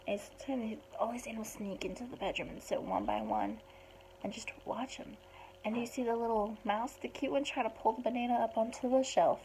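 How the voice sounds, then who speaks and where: A woman retelling a picture book story aloud in a chatty, animated way. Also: mid-range voice, slight background noise, low-quality recording. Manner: chatty, animated, puts on small voices for the animals.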